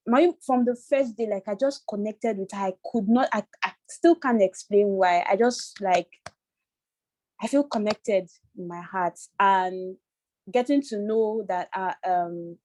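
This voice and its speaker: A woman from Nigeria talks on a video call, and she keeps stopping and restarting as she gets tearful. Her voice sits at an ordinary middle pitch. The sound is dry and close, with no room echo. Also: darkish tone. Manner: halting, tearful, many restarts. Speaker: workshop participant. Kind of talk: emotional personal sharing on a video call.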